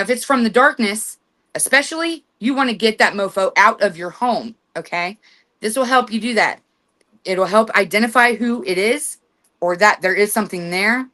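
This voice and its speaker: Woman, radio host, casual chatty delivery, emphatic, medium pitch. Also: sharp tone. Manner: chatty, emphatic, acts out commands with authority. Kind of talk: casual instructional talk.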